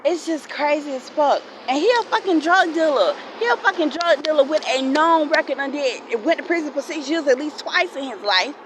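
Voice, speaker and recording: A woman's voice: high voice, normal speed, few pauses, fairly bright tone, slight background noise, low-quality recording. A woman in her forties venting to camera in an unscripted storytime rant, blunt and profane, repeating herself often. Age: 40s. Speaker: vlogger.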